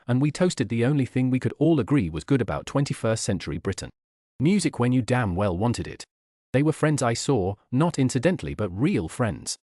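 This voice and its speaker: A man's voice: a little mellow, dry recording. Guy reading a novel aloud, bouncy intonation, does little voices for the characters, dead dry mic. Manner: voices characters with shifts in pitch. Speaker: audiobook reader. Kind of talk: scripted narration.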